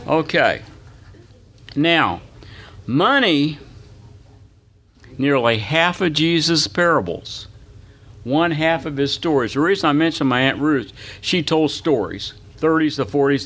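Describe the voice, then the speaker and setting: A man's voice: a little high, expressive, a little slow, a bit bright. An older man teaching a Bible class as pastor, folksy and chatty, quizzing his listeners and telling anecdotes. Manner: folksy, asks the audience questions, tells anecdotes.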